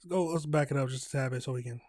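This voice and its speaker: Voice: medium pitch, racing, background noise. A show host giving casual reaction commentary, restarting and repeating words.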